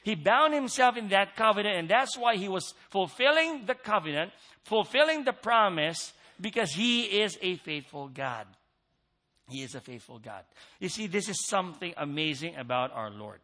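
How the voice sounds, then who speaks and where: A man's voice: high-pitched, expressive, moderate pace, sharp tone. A man preaching a sermon in an earnest way, repeating key phrases for emphasis.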